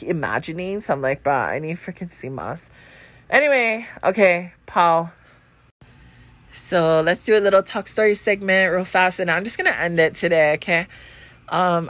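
A woman's voice: sits low, dry recording. A woman, congested and short of breath, rambling through a casual astrology chat and swearing freely. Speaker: podcast host.

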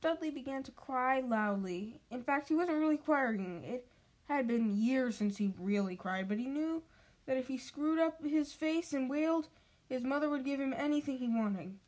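A woman's voice: sits high, expressive, moderate pace, a little mellow. A woman reading a storybook aloud, with frequent stumbles and restarts.

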